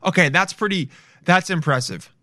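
A man's voice: high voice, moderate pace, background noise. Blunt, foul-mouthed young man reacting. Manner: crude, blunt, swears freely. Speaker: streamer reacting to videos. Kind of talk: casual reaction commentary.

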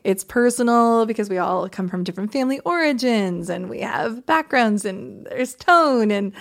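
Animated woman coach. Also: mid-range voice, gravelly. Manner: animated, demonstrates voices while teaching. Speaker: podcast co-host, confidence coach. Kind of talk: casual podcast chat.

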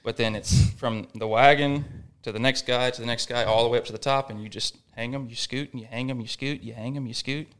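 A man's voice: medium pitch, steady tone, fairly quick, few pauses, fairly bright tone, smooth. A young man, a college baseball coach telling stories in a laid-back, folksy way as a podcast guest. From Western Kentucky. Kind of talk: casual podcast chat.

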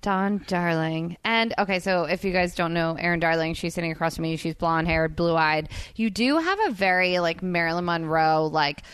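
A woman's voice: fairly low pitch, normal speed, hardly any pauses, a bit bright, clean tone, dry recording. A young woman hosting a podcast, chatting casually and bluntly, laughing and saying "like" often. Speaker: podcast host. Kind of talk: casual chat.

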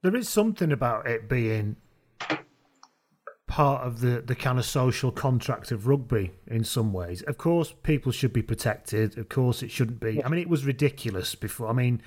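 A man's voice: medium pitch, animated, normal speed, darkish tone. A man hosting a casual chat, thinking aloud and reflecting at length. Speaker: podcast host.

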